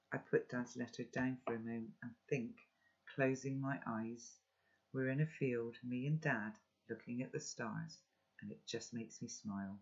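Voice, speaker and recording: A man's voice: medium pitch, fairly even intonation, normal speed. Man reading a children's novel aloud. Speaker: children's book reader. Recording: dull, lo-fi recording.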